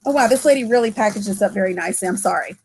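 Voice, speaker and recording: A woman hosting a casual live chat, bubbly and gushing, quick to giggle, who is from the southern US. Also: medium pitch, a little mellow, a little hiss or hum. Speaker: host.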